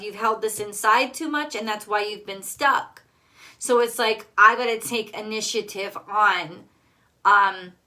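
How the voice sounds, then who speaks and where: A woman's voice: fairly high pitch, bright, forceful tone. A woman giving a casual tarot card reading in a blunt, emphatic way, swearing freely. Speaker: tarot reader.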